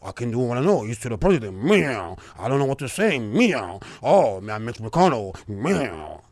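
A man's voice: mid-range voice, big pitch swings, normal speed, a little mellow, no room sound, voice pushed down. A man putting on a meek older male senator who mumbles helplessly and meows like a cat.

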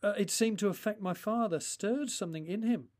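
A man voicing a grown son who softly reassures and coaxes his frail father in a storybook reading. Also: high-pitched, a little fast, pitched above the performer's own voice, lightly acted. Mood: puzzled. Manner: soft, reassuring, coaxing.

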